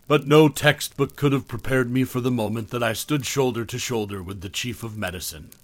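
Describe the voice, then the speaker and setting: A man reading a scripted horror story aloud as the host, in a measured, calm storytelling manner. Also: mid-range voice, no room sound.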